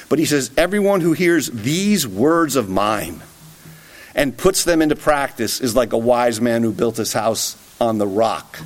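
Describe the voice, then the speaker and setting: A man preaching an expository sermon, emphatic and often checking in with a rhetorical "right?". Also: mid-range voice.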